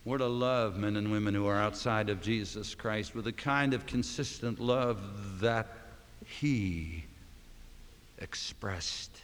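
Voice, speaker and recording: A male pastor preaching a sermon, moving from quiet, even talk to loud, slowed-down emphasis on key words. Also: fairly low pitch. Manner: dramatic swings between soft and loud, slowing for emphasis. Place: church sanctuary. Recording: reverberant hall.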